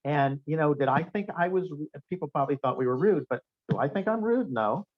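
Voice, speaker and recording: A man's voice: fairly high pitch, a little fast. Brief: male keynote speaker, upbeat storyteller, lo-fi restaurant event recording. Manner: animated storyteller, quizzes the audience with questions. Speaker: guest speaker. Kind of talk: anecdotal seminar talk. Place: restaurant function room. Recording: dull lo-fi room recording.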